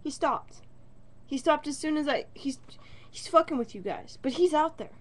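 A high-sitting female voice at a normal speed tells a casual, swear-heavy story straight to camera. She's a vlogger in her own bedroom, lively and clearly exasperated.

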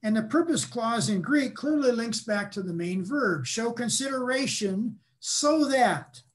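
Older man giving a measured academic lecture. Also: extremely high pitch, lively intonation. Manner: measured, explanatory, pausing to restate.

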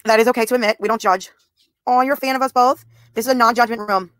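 A woman's voice: fairly high pitch, steady tone, quick pace, a bit bright, dry recording, clean studio sound. A woman in her thirties livestreaming, talking bluntly and profanely straight to her viewers' comments. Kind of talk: live stream talk to chat.

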